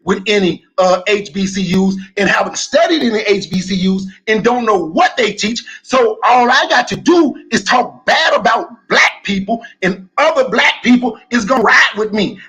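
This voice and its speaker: A man argues hard on a podcast livestream. His voice sits very high, husky and bright. He shouts and repeats his points. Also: low-quality recording. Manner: loud, combative, repeats himself. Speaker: podcast co-host. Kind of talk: heated livestream debate.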